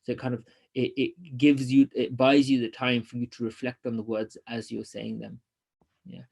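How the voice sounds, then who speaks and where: A man teaching an online lesson, reading passages from a religious text quickly and then explaining them in a loose, hesitant way full of ums. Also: mid-range voice, level tone, creaky, a little mellow, husky.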